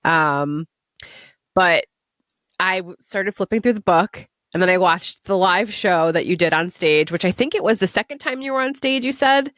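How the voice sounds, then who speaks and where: A woman's voice: on the low side, lively intonation, moderate pace, a bit bright, no room sound. A woman hosting a podcast interview, talking casually and emotionally, close to tears as she gushes about her guest. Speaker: podcast host.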